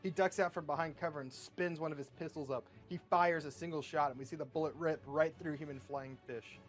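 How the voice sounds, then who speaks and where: Young man narrating a comic movie pitch. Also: faint music behind. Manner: brisk, deadpan storytelling with swearing asides. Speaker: host.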